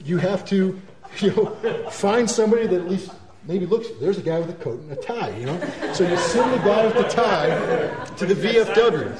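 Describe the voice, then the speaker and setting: A man delivers a lively talk to an audience. He is emphatic and repeats words for force, now and then mimicking the people he describes. His voice sits slightly high and rings in a roomy, echoey space. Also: normal speed, crowd noise. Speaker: speaker. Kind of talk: speech to an audience. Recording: roomy echo.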